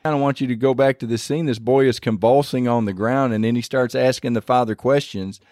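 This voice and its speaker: A man's voice: mid-range voice, steady tone, a little fast, darkish tone, dry recording. Male preacher, mid-range voice, dry close sound, earnest conversational sermon delivery. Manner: conversational, earnest, retells scripture with acted quotes.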